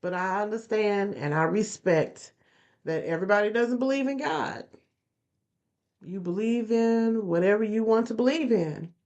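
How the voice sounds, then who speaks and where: A woman's voice: medium pitch, expressive, moderate pace, darkish tone. Earnest woman, repeating her points. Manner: earnest, repeats phrases for emphasis. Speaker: podcast host. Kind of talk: motivational podcast talk. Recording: dull lo-fi recording.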